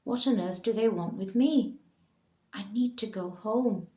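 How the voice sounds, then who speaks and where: A woman's voice: medium pitch, a little slow, warm tone, voice pushed up, natural voice. Narrator doing worried young woman, kind, echoey. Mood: anxious. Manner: concerned, earnest. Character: caring young woman student, anxious. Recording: roomy echo.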